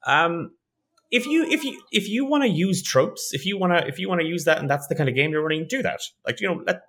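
A man's voice: a little high, expressive, fast, a bit bright. A man, a game master, chatting casually on a podcast and often restarting his sentences. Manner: restarts and repeats words, laughs easily.

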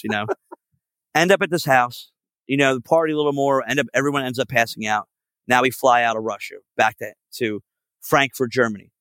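A man spins a long, meandering story from the road as a podcast guest, swearing freely and packing his sentences with fillers. His voice sits at an ordinary pitch, and the sound is dry and close with little room around it. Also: fairly bright tone, no echo. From Philadelphia area. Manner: rambling, profane, many fillers. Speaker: podcast guest, band frontman. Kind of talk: casual storytelling.

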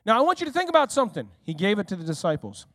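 Man, pastor, sermon, high voice, dry close sound. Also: racing, no room sound. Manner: animated, keeps asking the congregation questions; speaks directly to listeners in the room.

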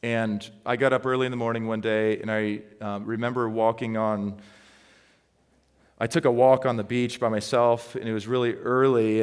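Man, pastor, sermon, chatty storytelling, lively when acting out scenes, long reverb of a hall. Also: medium pitch. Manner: conversational storytelling, grows loud and excited when reenacting.

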